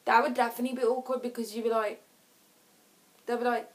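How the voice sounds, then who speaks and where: Giggly, chatty woman with a slightly high voice. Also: level tone. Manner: chatty, giggly, acts out short scenes in quick voices. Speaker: vlogger. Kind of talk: casual chat to camera.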